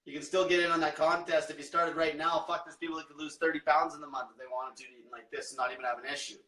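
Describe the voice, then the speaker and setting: A man's voice: a little high, flat delivery, quick pace, sharp tone, reverberant, recorded from a distance, rough recording. A man coaching in a profane, blunt livestream rant, repeating himself. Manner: profane, blunt, repetitive, fired-up. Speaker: diet coach.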